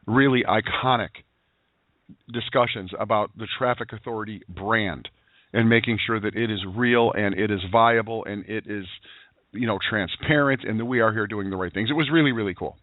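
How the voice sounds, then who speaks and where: A man hosting a daily internet radio show, talking in an energetic, preachy way full of rhetorical questions and "you know"s. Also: on the low side, moderate pace, no echo. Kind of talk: motivational call-in show talk. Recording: tinny phone-line sound, dry.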